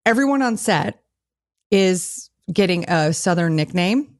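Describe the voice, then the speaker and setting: A woman's voice: lowish voice, expressive, unhurried. A woman co-hosting a podcast in casual chat, playful and laughing often. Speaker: podcast co-host.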